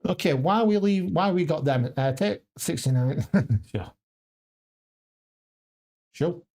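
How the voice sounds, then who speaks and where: A man's voice: a little high, lively intonation, slow, a little mellow. A man on a casual live stream, practicing darts and muttering checkout numbers to himself, then chatting with viewers. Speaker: darts vlogger. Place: home darts room.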